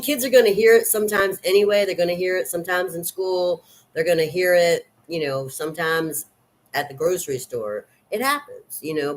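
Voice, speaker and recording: Woman, 50s, Southern accent; casual, rambling vlog chatter full of fillers. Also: deep voice. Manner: rambling and chatty, with many ums and restarts. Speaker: vlogger. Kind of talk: casual chat.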